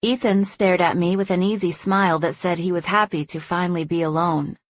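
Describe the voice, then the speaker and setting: A woman's voice: on the low side, fairly even intonation, a little fast. Woman narrating a first-person romance audiobook.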